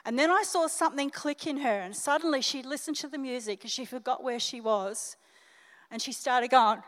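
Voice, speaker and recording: An older woman with an Australian accent, a senior pastor preaching an animated, emotional sermon straight to her congregation. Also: high voice, normal speed. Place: church hall. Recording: reverberant church hall.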